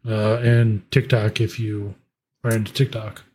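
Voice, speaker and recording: A man co-hosting a podcast in casual chat, relaxed and teasing, mostly giving short replies. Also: lowish voice, measured pace, slight background noise. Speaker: podcast co-host.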